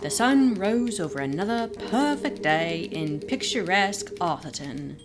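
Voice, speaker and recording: Brief: a woman playing a prim, quiet British storybook narrator, reading over loud game music. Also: on the low side, animated, measured pace. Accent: put-on British. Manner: reading game text aloud, softer than her own talk.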